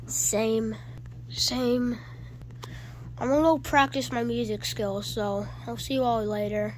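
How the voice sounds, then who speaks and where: Slow, high-voiced woman voicing a skit. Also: fairly even intonation, noisy background. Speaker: creator of short toy skits. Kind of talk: voicing several characters in a homemade toy skit.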